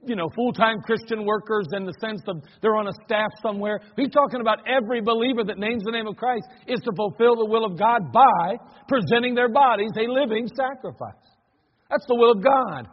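A man with a high, slightly husky voice preaches a sermon in a church sanctuary. He talks in a loose, conversational way and then presses his points home with emphasis. The recording is dull and lo-fi, with a long reverb trailing each phrase. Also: brisk. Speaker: pastor.

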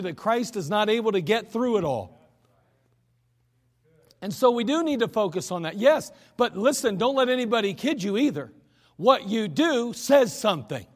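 A man preaching a sermon in a church, earnest and emphatic in a conversational way. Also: high-pitched. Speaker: pastor. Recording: echoey church hall.

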